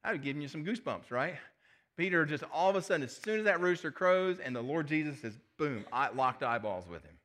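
A man preaching a sermon as pastor, animated, retelling scripture as a vivid story. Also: a little high, brisk.

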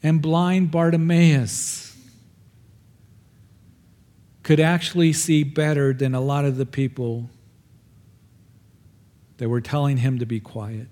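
A pastor preaching a sermon, retelling a gospel story and acting out the cries of the people in it. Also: male voice, on the high side, level tone, slow pace, pauses often, darkish tone. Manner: storytelling, acts out cries with raised voice.

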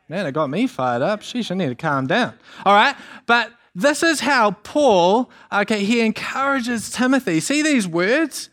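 High-voiced young preacher, energetic. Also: male voice, unhurried, hardly any pauses. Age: young adult. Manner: energetic, chatty, many fillers and asides. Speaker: youth pastor. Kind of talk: sermon.

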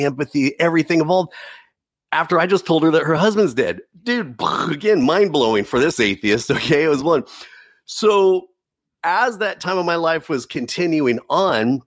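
A man's voice: on the high side, no room sound. Earnest man telling a story, dry sound. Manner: earnest, animated, says "dude" a lot. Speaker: guest telling his testimony. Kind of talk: casual storytelling.

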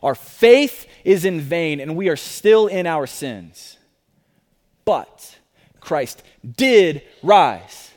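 A man preaching a sermon, repeating key phrases and moving between loud urgent declarations and quiet personal appeals. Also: on the high side, big pitch swings, very slow, in a large hall. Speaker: pastor.

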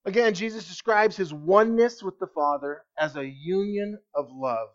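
A male pastor preaching a sermon, slowing down and dropping his voice low to land key words. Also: muffled recording. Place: church.

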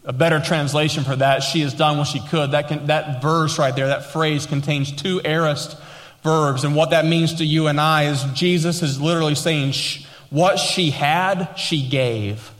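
A man preaching a sermon, emphatic, slowing down and rising to stress his points, and dropping lower and quieter to read scripture aloud. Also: flat delivery, big-room sound. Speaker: pastor.

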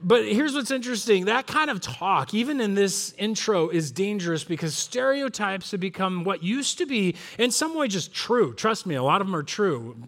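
A man's voice: sits high, moderate pace, few pauses. A middle-aged male pastor from Southern California preaching a sermon, telling stories and acting out family members' voices. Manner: storytelling, animated, acts out voices of family.

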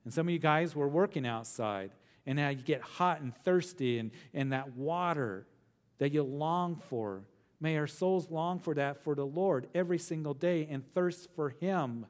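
A middle-aged male pastor teaching a verse-by-verse sermon, earnest, repeating phrases for emphasis and slowing down on key words. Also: on the high side.

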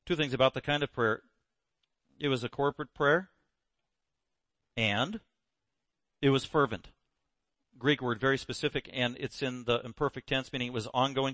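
A man's voice: high-pitched, no echo. A man preaching a sermon, telling a story with energy and acting out the quoted voices. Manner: animated storyteller, acts out quotes. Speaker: pastor.

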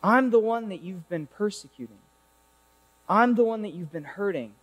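A man voicing a solemn divine figure calling out from a blinding light, speaking slowly and gravely in a hushed tone. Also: high-pitched, expressive, long reverb tail.

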